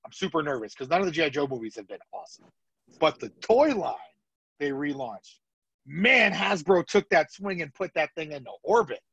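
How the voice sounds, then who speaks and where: A man co-hosting a podcast, talking in excitable, jokey bursts in casual chat. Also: on the high side, normal speed, vocal fry, breathy edge, dull audio. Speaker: podcast co-host.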